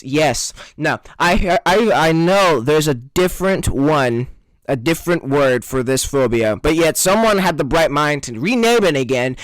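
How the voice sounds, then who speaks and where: Sarcastic male vlogger ranting, high lively voice, dry sound. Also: no echo. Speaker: video creator. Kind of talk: comedic commentary vlog.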